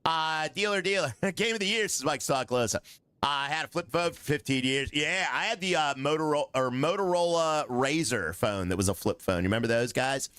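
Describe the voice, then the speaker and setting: A middle-aged man doing live gameplay commentary, excitable and jokey as he banters with his viewers. His pitch sits high and leaps around all the time, and his tone is bright and sharp. Soft music plays behind him. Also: brisk, smooth, no room sound. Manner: excitable and joking, chatting with viewers. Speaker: streamer.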